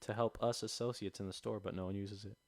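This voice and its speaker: A young man co-hosting a podcast chats casually and tells a story, acting out the customers in it with animated energy. His voice sits on the low side and he talks fast. The close podcast mic gives a dry sound with no echo.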